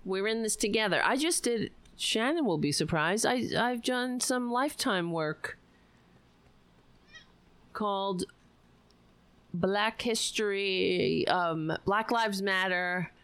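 A woman host of a livestream, ranting about politics with profanity and sarcasm. She talks slowly, her pitch swinging a lot, and sounds dry and close to the mic. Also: lively intonation, fairly bright tone, smooth, dry recording. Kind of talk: casual political rant.

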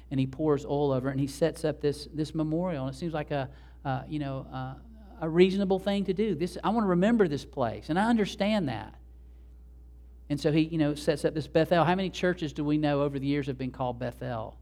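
A man preaching a sermon, conversational and animated, talking straight to the congregation. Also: on the high side. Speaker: pastor.

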